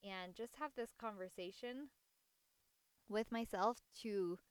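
Earnest mother telling a story, smooth voice. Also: medium pitch, slow pace, dry recording. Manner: earnest and reflective, with soft laughs. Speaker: mother sharing a personal story. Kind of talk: casual personal testimony.

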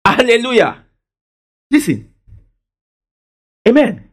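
A man delivers a sermon in a high, lively voice. He leans on call-and-response and swings from soft to loud. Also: slow. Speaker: pastor. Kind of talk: preaching a sermon.

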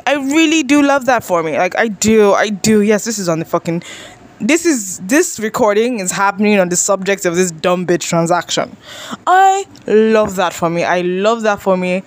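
Expressive young woman, self-mocking podcast host. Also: normal speed. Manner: expressive, self-mocking, swears freely, pitch jumps for emphasis. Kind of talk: casual solo podcast monologue.

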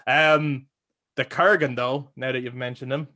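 A man co-hosting a casual film podcast, excitable, laughing often and swearing casually as he talks. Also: mid-range voice, measured pace. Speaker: podcast co-host.

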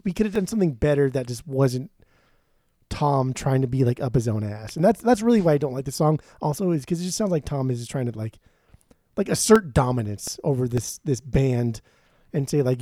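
A blunt, opinionated man on a casual music podcast who swears freely. His voice is mellow and swings widely in pitch, and it is recorded close and dry. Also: expressive, brisk, dry recording. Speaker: podcast co-host.

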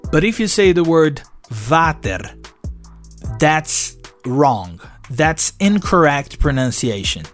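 Man, English teacher, online lesson, emphatic, asks viewers questions, unhurried delivery. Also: on the high side. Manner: emphatic, talks straight to viewers with rhetorical questions.

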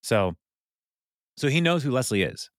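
A man's voice: medium pitch, sing-song, unhurried, no echo, clean studio sound. Man casually recapping a TV episode. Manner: retells scenes, briefly acting out characters' lines. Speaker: podcast co-host.

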